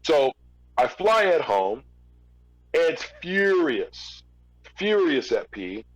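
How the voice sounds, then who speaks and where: A man's voice: fairly high pitch, very animated, very slow, poor audio. A man, a former record label executive, telling a long story in a casual interview, with fillers and restarts.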